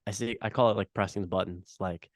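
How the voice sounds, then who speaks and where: Young dude with a real low voice, dry close mic, says like and dude constantly, swears a lot. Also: male voice, fairly even intonation, fast talker, no room sound. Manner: filler-heavy, swearing, enthusiastic agreeing. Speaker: podcast host. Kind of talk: casual podcast chat.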